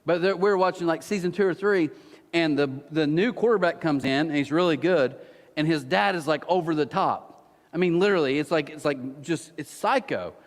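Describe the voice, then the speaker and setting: A man, a pastor, delivering a sermon with animated storytelling and self-mocking humor. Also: fairly high pitch, normal speed, big-room sound. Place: church auditorium.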